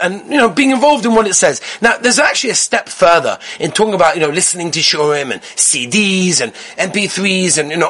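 Husky, bright-voiced male rabbi giving an animated, emphatic Torah class. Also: high-pitched. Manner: rapid-fire listing of sources, animated and emphatic. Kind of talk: lively spoken Torah lesson. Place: Israel.

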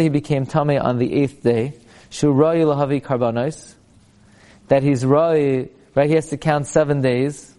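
A man's voice: a little high, dark tone. A man teaching a Talmud class. He chants passages aloud and then explains them in plain English.

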